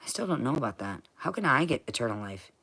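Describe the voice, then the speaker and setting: A woman vlogging in a rambling, profane monologue, swinging from muttering to shouting. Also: extremely low pitch, very animated, fast.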